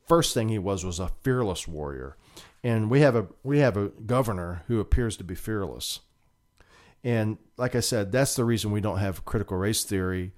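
A man's voice: lowish voice, darkish tone. A man hosting a political talk show, delivering emphatic, indignant commentary and often repeating himself.

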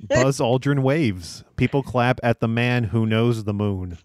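A man's voice: mid-range voice, a little slow, a little mellow, a little hiss or hum. A man co-hosting a comedy podcast, chatting casually and narrating a script with a laid-back, chuckling delivery.

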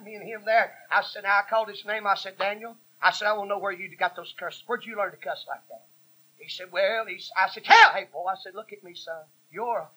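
A male preacher tells stories from the pulpit in a folksy, emphatic way. His voice sits high and very bright, with a husky grain to it. He pushes hard on key lines and sometimes drops to a near hush. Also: low-quality recording. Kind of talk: sermon storytelling.

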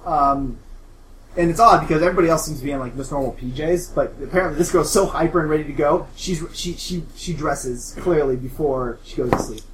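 A man's voice: on the high side, a little fast, echoey room, slight background noise, poor audio. A man narrating a horror tabletop game as game master, in a loose, rambling style with lots of fillers.

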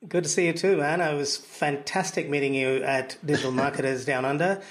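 A man with a mixed Australian and Indian accent, hosting a podcast in an upbeat, jokey, chatty way. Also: on the high side. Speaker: podcast host. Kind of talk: casual interview chat.

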